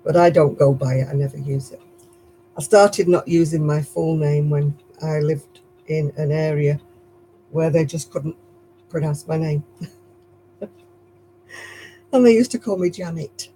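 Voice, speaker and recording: A woman's voice: low-pitched, measured pace, pauses often, mellow, slight background noise, low-quality recording. A woman with a Lancashire accent hosting a casual live stream while she crochets, chatty and rambling, chuckling at herself. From Lancashire, England.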